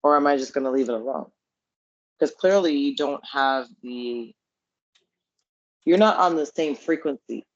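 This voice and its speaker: In a mid-range voice, a Canadian man co-hosting a casual podcast talks unhurriedly with long pauses, earnestly restating his points for emphasis. The sound is lo-fi with no room sound.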